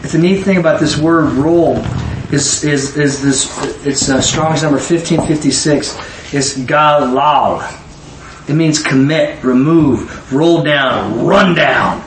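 A middle-aged man giving informal Bible teaching, swinging from low musing to high emotional exclamations. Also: measured pace, few pauses. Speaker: preacher. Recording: echoey room, mic at a distance, faint ambient noise.

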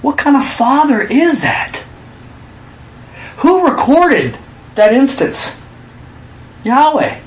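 A man preaching a sermon in an animated way, acting out quotes with sudden shouts. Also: very high-pitched, takes it slowly, pauses often, roomy sound.

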